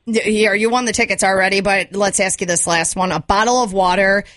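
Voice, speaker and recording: A woman hosting a radio show in a casual, animated, upbeat way. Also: medium pitch, fairly quick, dry recording, studio quality.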